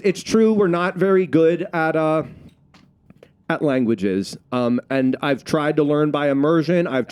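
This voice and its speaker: A man from the United States jokes about himself on stage in a wry, deadpan way. His voice sits a little higher than most men's. He delivers his lines as a comedian sharing the bill. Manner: wry, deadpan self-mocking humor. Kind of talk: casual panel chat on stage.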